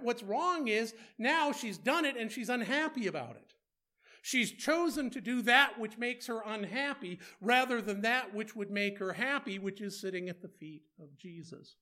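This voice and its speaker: A man's voice: very high voice, bright, forceful tone. A man preaching a conversational sermon, asking rhetorical questions and slipping in playful asides.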